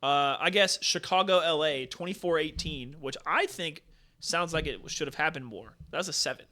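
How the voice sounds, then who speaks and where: A man with a higher voice and a bright, forward tone co-hosts a casual sports podcast. He jokes loosely with his friends and rattles off scores and stats in quick bursts. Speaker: podcast co-host.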